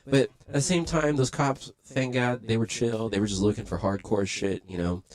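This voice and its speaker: A man's voice: medium pitch, normal speed, darkish tone. A young man telling a story in casual, profane talk, acting out the voices of the people he quotes. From Los Angeles. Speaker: livestream host.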